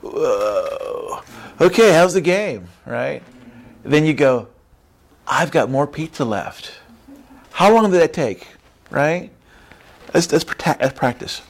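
A man preaching a lively sermon, acting out churchgoers in quick character voices and tagging lines with "right?". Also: fairly high pitch, gravelly. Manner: acts out church members in character voices, says "right?" often. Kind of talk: animated sermon.

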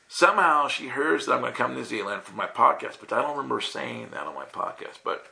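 A man's voice: medium pitch, creaky, sharp tone, low-quality recording. A man telling a casual personal testimony as a guest minister, chatty and self-interrupting, often checking in with "right?".

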